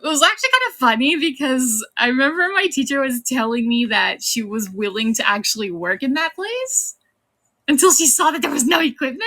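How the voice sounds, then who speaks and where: A woman's voice: sits high, big pitch swings, brisk, bright, forceful tone. A woman in her thirties with a slight Irish tinge, chatting casually on her streaming debut and laughing often. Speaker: VTuber streamer. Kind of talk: casual livestream chat.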